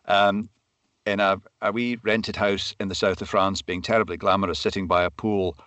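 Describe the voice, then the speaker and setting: A man's voice: low-pitched, level tone, moderate pace, a bit bright, dry recording. A man, an audiobook narrator as a guest, talking articulately with self-deprecating humour. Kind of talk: conversational interview.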